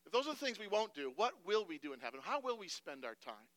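A man, a pastor, preaching a sermon emphatically, moving between hushed passages and loud declarations. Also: sits high, very animated, fast, dry recording.

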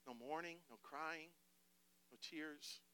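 A man, a pastor, preaching a sermon emphatically, moving between hushed passages and loud declarations. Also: a little high, slow pace, clean tone.

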